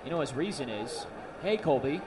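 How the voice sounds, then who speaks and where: High-voiced baseball play-by-play man. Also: moderate pace, far from the mic, background noise. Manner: excitable on big plays, jokey banter. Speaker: play-by-play announcer. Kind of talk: baseball radio commentary.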